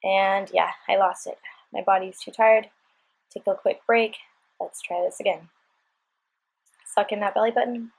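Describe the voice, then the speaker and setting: A woman coaching a workout in a voice-over, chatty and encouraging throughout. Her voice sits at a middling pitch with a breathy, slightly husky edge. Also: steady tone, a little slow, long pauses, low-quality recording. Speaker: fitness instructor.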